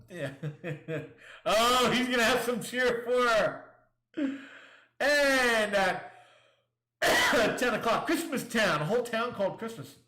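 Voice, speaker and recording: A fairly high-voiced man hosting a casual livestream, reading out listings and tearing into them with crude sarcasm. His voice carries a noticeable room echo, as if he is recording in a bare space. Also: bright, forceful tone. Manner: reads listings aloud then riffs. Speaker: show host.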